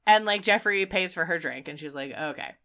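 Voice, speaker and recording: Here a woman with a lowish, sharp-toned voice talks fairly quickly as she casually recaps a movie for a podcast she co-hosts. Her retelling is filler-heavy and full of "like," broken up by laughter and quoted lines from the characters.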